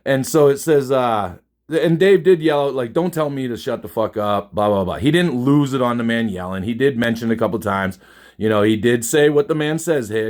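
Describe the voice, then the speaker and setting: A man's voice: medium pitch, moderate pace, a little mellow. A man in a casual spoken rant, emphatic and profane, dismissive and often restarting his sentences. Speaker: concertgoer recounting a show.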